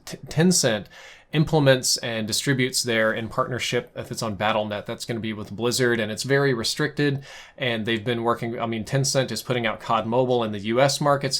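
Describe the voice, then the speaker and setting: A man's voice: mid-range voice, fairly bright tone. A man giving opinionated, conversational gaming commentary, ranting casually with frequent restarts. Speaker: gaming YouTuber. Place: home setup, in America.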